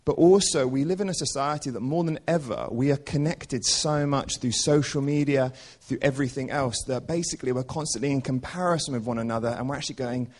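A man's voice: medium pitch, a little fast, few pauses, a little mellow. Young man, church sermon, earnest and informal, lots of fillers. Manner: casual, earnest, with many fillers. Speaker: preacher.

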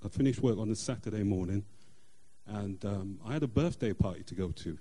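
A middle-aged man tells a faith testimony in a very dark, mellow voice. He speaks earnestly, pausing and restarting often as he goes. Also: lowish voice, husky. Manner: earnest, halting with frequent fillers and restarts. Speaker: church member sharing testimony. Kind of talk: personal testimony.

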